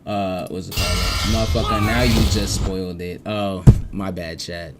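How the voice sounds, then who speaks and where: A man giving casual reaction commentary as a streamer, excitable, profane and rambling with frequent restarts. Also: deep voice, normal speed, few pauses, a little hiss or hum.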